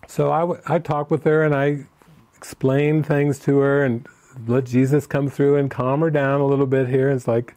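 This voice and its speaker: Mellow-voiced man telling a retreat story. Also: medium pitch, level tone, normal speed. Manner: storytelling, acts out the people he quotes; answers written questions from participants. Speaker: spiritual teacher leading a retreat session. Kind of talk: informal spiritual retreat talk.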